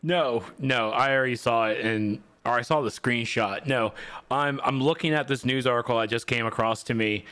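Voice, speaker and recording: Male co-host, teasing banter, mid pitch. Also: normal speed, sharp tone, smooth. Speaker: podcast co-host. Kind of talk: casual chat.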